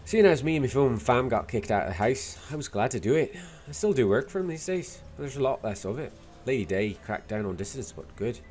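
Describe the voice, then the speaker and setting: A man voicing a tough, blunt Irish woman in a video game, with a put-on Dublin accent carrying a Scottish lilt and a rough, salty way of talking. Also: medium pitch, very animated, brisk, darkish tone, faint music behind, voice pushed up, lightly acted. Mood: storytelling. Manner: gruff, salty, rough-spoken.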